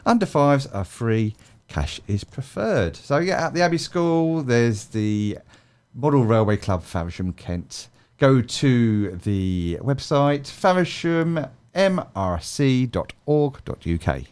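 A man co-hosts a local radio show in a chatty, rambling way. His voice is mid-pitched and moves about a lot as he reads out event details. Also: very animated, takes it slowly, a little mellow, clear, resonant tone. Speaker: radio co-presenter. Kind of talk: casual radio chat.

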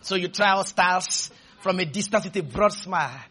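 A man preaching a sermon, stretching his words out and shouting, then leading the congregation in call-and-response. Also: high voice, normal speed.

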